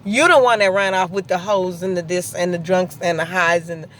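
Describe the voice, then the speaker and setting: A woman's voice: fairly low pitch, fairly quick, fairly bright tone, a little hiss or hum. A woman in her thirties telling a story in a blunt, sassy way, laughing as she vents, recorded in a car. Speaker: vlogger. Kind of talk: venting storytime monologue.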